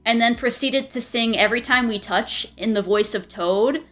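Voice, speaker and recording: A woman's voice: fairly high pitch, normal speed, a bit bright, faint music behind. A young woman streamer chatting casually, rambling with many restarts and frequent giggles. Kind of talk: casual chat.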